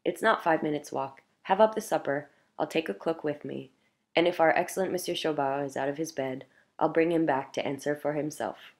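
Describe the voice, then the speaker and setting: A woman's voice: low-pitched, brisk. A woman reading the part of an earnest young man who coaxes and pleads. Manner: pleading, coaxing.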